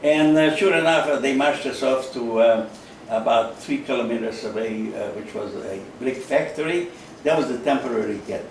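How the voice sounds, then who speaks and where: A man, giving a halting personal testimony in an interview, full of fillers and repeats. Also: mid-range voice, a little hiss or hum. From Carpatho-Ruthenia, Eastern Europe. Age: 90s. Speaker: interview guest, Holocaust survivor. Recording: echoey room, mic at a distance.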